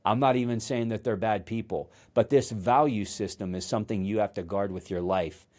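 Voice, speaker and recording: A man's voice: lowish voice, fairly quick, darkish tone. A man hosting a motivational solo talk, speaking conversationally and emphatically, with frequent restarts. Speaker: host.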